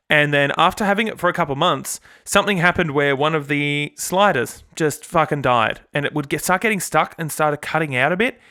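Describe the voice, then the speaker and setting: A young man with an Australian accent chats on and on about his setup, drifting off on tangents and dropping the odd swear word. His voice is bright and clean, with a smooth, clear tone. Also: a little high. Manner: rambling, chatty, swears casually. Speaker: guitarist and channel host. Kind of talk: casual gear demo vlog.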